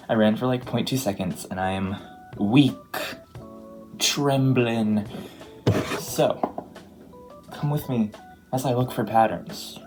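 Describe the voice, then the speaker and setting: A woman's voice: a bass voice, takes it slowly, long pauses. A young woman chatting casually as a crochet vlogger, rambling with lots of ums and likes. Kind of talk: casual vlog chat. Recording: voice over clear background music.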